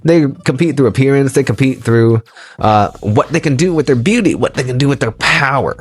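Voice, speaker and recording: A man delivers an audio lecture in an emphatic, preachy way and drives each point home by repeating it. His voice sits at an ordinary pitch for a man. Soft music plays faintly behind him. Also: animated, fairly quick, slightly rough. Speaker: lecturer on relationships.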